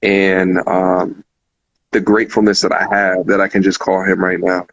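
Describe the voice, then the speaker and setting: A man's voice: low voice, level tone, normal speed, gravelly, breathy edge, dry recording, dull audio. A man hosting a live call-in talk show, speaking casually and heartfelt, repeating phrases with many fillers. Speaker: show host.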